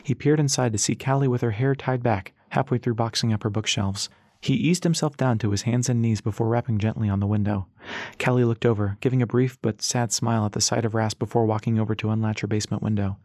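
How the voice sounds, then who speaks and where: A man's voice: lowish voice, steady tone, fast talker, a little mellow, no echo. Man narrating an audiobook, dry sound. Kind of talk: scripted narration.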